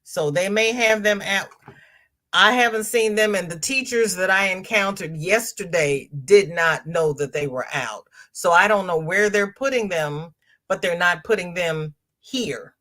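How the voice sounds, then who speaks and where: A middle-aged woman hosts a crochet livestream in an easygoing, chatty way. She talks slowly in a fairly low voice, reading comments aloud and calling viewers "girl" and "honey" while she stumbles through ums and restarts. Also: sharp tone.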